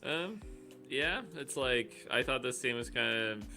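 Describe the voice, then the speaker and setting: A man's voice: mid-range voice, expressive, unhurried, sharp tone, soft background music. A man co-hosting a casual podcast, speaking bluntly with frequent swearing and rambling filler words. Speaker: podcast co-host.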